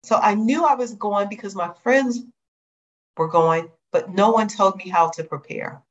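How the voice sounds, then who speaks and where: A middle-aged woman from Chicago, a guest telling her life story in a lively, animated way. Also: medium pitch, a little slow. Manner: lively, animated retelling with acted quotes. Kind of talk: storytelling interview. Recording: dull lo-fi sound.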